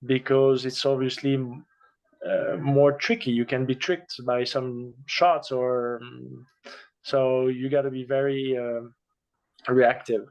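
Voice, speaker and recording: A man's voice: medium pitch, fairly even intonation, takes it slowly, darkish tone, smooth. A man answering interview questions about his playing, searching for words. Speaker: guest, padel player. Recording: dull lo-fi sound.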